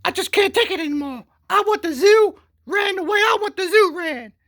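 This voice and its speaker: Comedic skit: man playing a scheming woman zoo owner, squeaky falsetto, whiny. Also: fairly quick, a bit bright. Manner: shrill falsetto, whiny and plotting.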